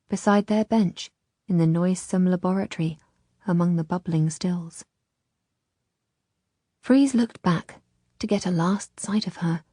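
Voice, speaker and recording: A woman narrating an audiobook in a measured, unhurried reading, voicing the characters' dialogue. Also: medium pitch, dark tone, no echo, clean studio sound.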